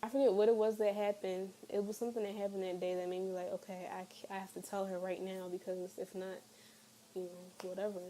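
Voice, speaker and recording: A woman's voice: mid-range voice, little pitch movement, a little fast, dark tone, slight background noise, rough recording. A young woman telling a personal story to camera in a casual storytime vlog, candid and chatty with lots of fillers. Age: young adult. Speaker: vlogger.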